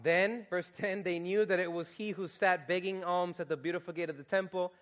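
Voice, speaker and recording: A young man preaching a sermon, reading scripture and telling a personal story, swinging from loud exhortation to hushed, quiet storytelling. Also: high voice.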